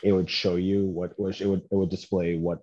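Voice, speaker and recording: A man co-hosting a podcast in casual chat, teasing and quick to laugh, with hesitant filler-heavy phrasing. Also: low voice, flat delivery, dark tone, no echo, dull audio. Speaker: podcast co-host.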